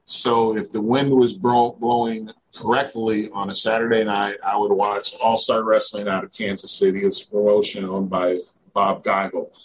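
A middle-aged man from Missouri speaks in a fairly low voice, looping through his memories with plenty of "you know" and "man". His talk is relaxed, conversational and digressive, like a guest on a podcast. A faint hiss of noise sits underneath the recording. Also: normal speed, low-quality recording. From Northeast Missouri, USA. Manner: rambling, heavy on fillers like "you know" and "man". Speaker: guest, former pro wrestler. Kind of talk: casual interview storytelling.

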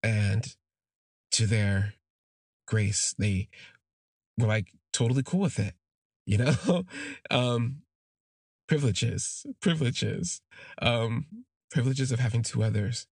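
A man's voice: medium pitch, expressive, takes it slowly, pauses often, husky, no room sound, clean studio sound. A man hosting a podcast, telling a personal story in a rambling, heartfelt way with many fillers and restarts. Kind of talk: casual spoken storytelling.

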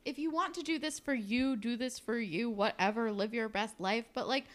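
A woman's voice: a little high, moderate pace. A young adult woman co-hosting a podcast, blunt and sarcastic, swearing casually while recapping a show. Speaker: podcast co-host.

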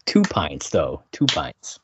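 A man co-hosting a TV recap podcast in casual chat, animated and quick to laugh. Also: extremely low pitch, a little hiss or hum. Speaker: podcast co-host. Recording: dry, muffled lo-fi audio.

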